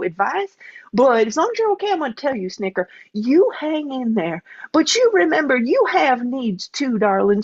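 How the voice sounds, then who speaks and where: A high-voiced, syrupy host with a Southern accent, as a woman acts her out, gushing and calling every guest darling. She talks about herself in the third person and hams it up for an improvised comedy sketch. The sound is dry and a little muffled, like a video call. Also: no room sound. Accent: American Southern. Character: gushing Southern pet-and-beauty advice host.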